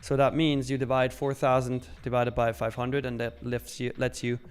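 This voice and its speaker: A man's voice: medium pitch, little pitch movement, moderate pace, clear, resonant tone. A man hosting a live trading stream, talking casually and joking as he reads out chat messages.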